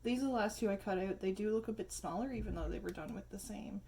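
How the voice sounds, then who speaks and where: Home cook, woman, mellow voice, chatty and rambling, phone-recorded kitchen with faint hiss. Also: medium pitch, fast, gravelly. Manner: chatty, rambling, laughs often, many fillers. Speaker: home cooking vlogger. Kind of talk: casual cooking demo. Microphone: phone camera.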